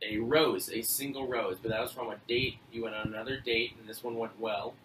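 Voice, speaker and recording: A young man co-hosting a casual podcast, talking in an animated, rambling way with frequent restarts. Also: medium pitch, brisk, recorded from a distance. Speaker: podcast co-host. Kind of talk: casual chat. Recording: echoey room, off-mic, faint noise.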